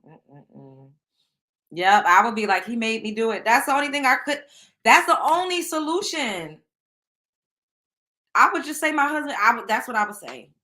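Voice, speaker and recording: A woman's voice: sits high, very animated, moderate pace, pauses often, bright, forceful tone. A woman hosting a casual gossip show, talking bluntly and with plenty of profanity straight to her listeners. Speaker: show host.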